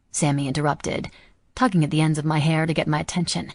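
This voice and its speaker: A woman narrating a romance audiobook softly and intimately. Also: deep voice, flat delivery, fast talker, no echo, clean studio sound. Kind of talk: scripted narration.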